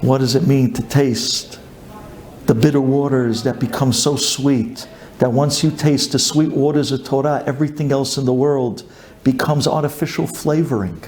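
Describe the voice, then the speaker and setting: A man's voice: medium pitch, steady tone, moderate pace, a little mellow, slight background noise. A male rabbi giving a storytelling sermon, emphatic and repeating key phrases. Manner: emphatic, rhetorical questions, repetition.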